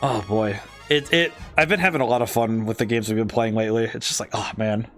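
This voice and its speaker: A man streaming a game, chatting casually and excitably, rambling with frequent restarts. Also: lowish voice, brisk, soft background music. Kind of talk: casual gameplay commentary.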